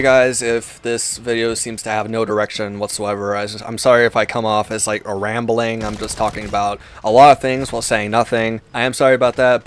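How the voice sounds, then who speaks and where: A man's voice: mid-range voice, a bit bright, slight background noise. A man who makes gaming videos, in an exasperated, rambling rant full of swearing. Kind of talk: unscripted rant to camera.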